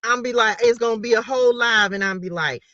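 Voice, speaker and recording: A woman's voice: fairly high pitch, fast, sharp tone, dry recording, muffled recording. A woman tarot reader giving a casual motivational talk to her viewers, playful and slangy, laughing often.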